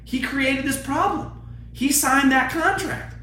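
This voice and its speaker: A man's voice: very high voice, takes it slowly, sharp tone, roomy sound. A male sports podcast host giving blunt, profane, opinionated takes.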